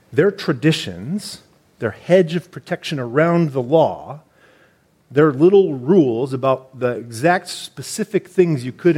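A man, a church elder preaching a sermon in a conversational, explanatory way with animated emphasis. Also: medium pitch, breathy edge.

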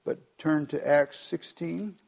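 An American man preaching a sermon as pastor, reading scripture aloud and explaining it in an earnest, measured way. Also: a little high, a little mellow. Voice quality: gravelly.

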